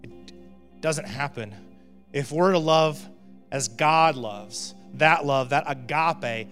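A man's voice: fairly high pitch, slow, pauses often, fairly bright tone. A male pastor giving a sermon in a conversational way, often checking in with "right?" and building to emphatic peaks. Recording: long reverb of a hall with faint music.

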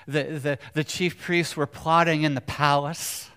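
A man delivers a sermon in a relaxed, conversational way. He keeps turning to the congregation with questions, and his voice swings from loud, emphatic stretches to hushed, near-whispered ones. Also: a little high, unhurried, smooth. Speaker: preacher.

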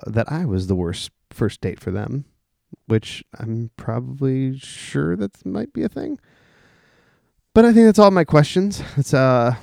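A young man hosting a solo podcast in a loose, rambling way, with plenty of fillers, restarts and casual swearing. His voice sits somewhat low. The recording is close and dry, with no room sound. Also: creaky, a little mellow, no room sound. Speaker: podcast host.

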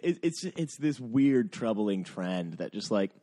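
A man's voice: on the low side, sing-song, unhurried, dark tone, slight background noise. A man hosting a casual comedy podcast, rambling with many "like" fillers as he sets up stories. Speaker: podcast host.

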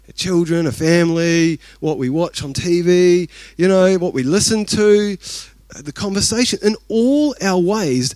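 A man's voice: fairly high pitch, a little mellow, dry recording. A man with a New Zealand accent preaching a sermon, telling a personal story in a chatty, self-deprecating way. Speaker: pastor.

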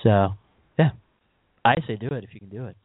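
A man hosting a casual podcast chat, talking in an animated, rambling way and often cutting himself off mid-word. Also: lowish voice, a little fast, slightly rough, no room sound. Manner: animated, rambling, self-interrupting. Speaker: podcast host. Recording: tinny phone-like dry recording.

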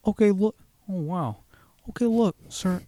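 A man doing an impression of a famous actor as a timid, upset guy, talking softly and slipping into whispers. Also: sits high, measured pace, a little hiss or hum, pitched above the performer's own voice. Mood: pleading. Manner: soft, hushed, drifting into whispers.

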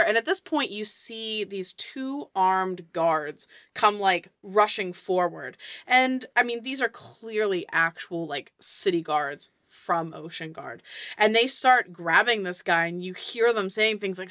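A woman narrating as game master of a tabletop game, telling the scene in a lively, descriptive way. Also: fairly low pitch, unhurried, dry recording, studio quality.

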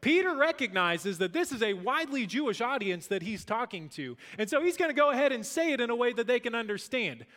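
A man preaching a sermon as pastor, emphatic, swinging between loud declarations and hushed lines. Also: extremely high pitch, sing-song, fairly quick, few pauses. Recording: long hall reverb.

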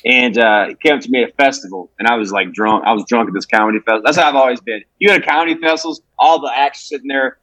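A comedian, telling rambling, profane stories in a casual podcast chat. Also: male voice, medium pitch, racing, hardly any pauses, a bit bright, dry recording, poor audio. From Alabama. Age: 20s. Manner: profane, brash, rambling with restarts. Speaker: comedian guest.

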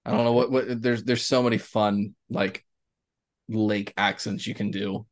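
A man from Florida co-hosting a casual sports podcast, swearing and laughing often, breaking into excited bursts. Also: on the low side, measured pace. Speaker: podcast co-host.

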